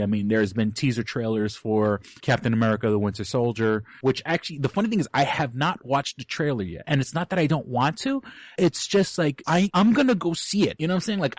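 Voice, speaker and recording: A man co-hosting a casual podcast with a mid-range voice. He rambles loosely, chuckles often and leans on filler words. The recording is dry and close, with no room echo. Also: medium pitch. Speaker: podcast co-host. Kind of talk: casual chat.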